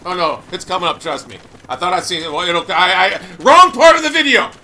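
A loud, hyper man giving boastful, trash-talking commentary over his gameplay. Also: high voice, big pitch swings, a little fast. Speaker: gamer.

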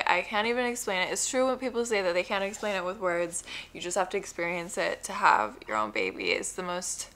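A young woman talks to her phone camera as a new mother, her voice bright and forward in tone. She rambles, fills gaps with likes and ums, and speaks bluntly when something bothers her. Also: medium pitch. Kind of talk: casual chat to camera.

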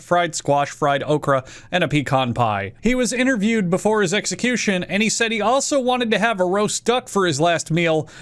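A young man doing comedic commentary, ranting and sarcastic with lots of profanity. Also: high-pitched. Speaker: YouTube host.

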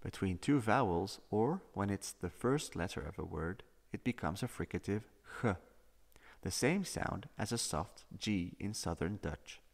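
Deep-voiced man teaching pronunciation, reverberant. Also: animated, gravelly. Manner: explanatory, demonstrating sounds slowly. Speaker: language teacher. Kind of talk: educational video lesson.

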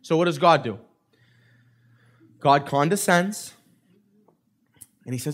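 A man's voice: a little high, takes it slowly, long pauses. A male pastor preaching a sermon, acting out the voices of the people in his story and checking in with okay and right. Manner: animated, acts out quoted voices of the crowd; repeats okay and right to the congregation.

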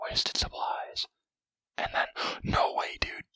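A man's voice: bright, forceful tone, no room sound, low-quality recording. A man doing whispered role-play as a greedy, grumpy male cartoon crab, commenting on his gameplay with foul-mouthed, rambling, self-mocking chatter. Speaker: gaming commentator.

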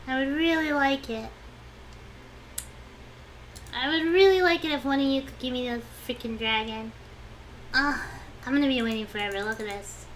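A young VTuber streamer chats to herself about her moves in a whiny, pleading way during a casual game stream. Her high-pitched, fairly bright voice moves at a moderate pace with long pauses, and there's a little hiss or hum.

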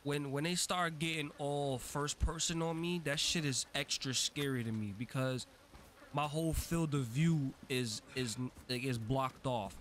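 Chatty, excitable man, slightly high voice. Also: a little slow, a little hiss or hum. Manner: chatty and excitable, swears freely, talks a lot when nervous. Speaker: gaming channel host. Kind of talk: casual let's-play commentary.

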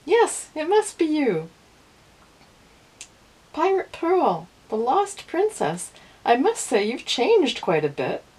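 A woman voicing a flustered, dramatic young male prince in a storybook reading, with a husky voice. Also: on the low side, wildly swooping pitch, takes it slowly, a little mellow, heavily acted.

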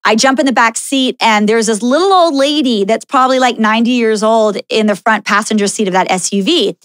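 A woman's voice: fairly high pitch, brisk, dry recording. A middle-aged woman hosting a podcast, telling a story in casual chat, full of fillers and "like". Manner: animated storyteller, many fillers and "like". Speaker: podcast host.

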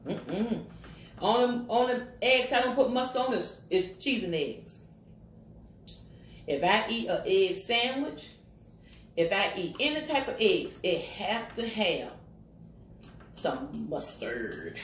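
A woman's voice: medium pitch, animated, slow pace, pauses often. A woman chats casually to her viewers while eating, humming over her food and talking with her mouth full. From Virginia, USA. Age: 50s. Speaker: mukbang vlogger. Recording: echoey room with faint noise.

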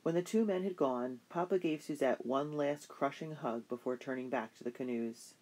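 A middle-pitched voice reads a children's historical novel aloud. The delivery is steady, like a bedtime story, with only light voicing for the characters. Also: normal speed. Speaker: narrator. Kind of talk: audiobook narration of a children's novel.

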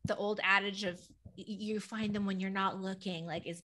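A woman hosting a podcast in casual chat, giggly and animated, sprinkling in Italian words. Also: medium pitch, normal speed. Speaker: podcast host.

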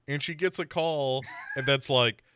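A man's voice: mid-range voice, a little slow, sharp tone, clean tone, no room sound. A man co-hosting a casual comedy podcast, recapping a TV show and jokingly acting out the characters. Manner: jokey, acts out characters in silly voices. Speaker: podcast co-host.

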